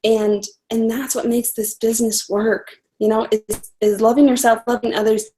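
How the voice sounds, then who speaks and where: A young woman with a slightly high voice tells her own story on a live call. She speaks earnestly and from the heart, rushing ahead with quick restarts. It sounds like a casual, unscripted testimonial. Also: flat delivery, dark tone, rough recording. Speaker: coach sharing her story.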